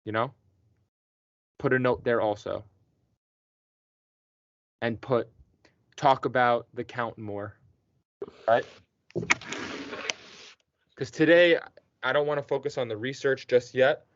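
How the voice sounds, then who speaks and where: A man's voice: medium pitch, takes it slowly, pauses often. A man teaching a student one-on-one, patient and encouraging, checking in with the student often. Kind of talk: one-on-one tutoring session. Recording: dull dry lo-fi recording.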